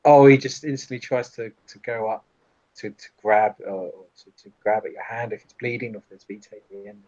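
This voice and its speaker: A man's voice: on the low side, fairly quick, darkish tone, no echo. A man narrating as game master for a tabletop game, with a rambling, stop-start delivery and a slightly muffled recording. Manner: rambling, with many restarts.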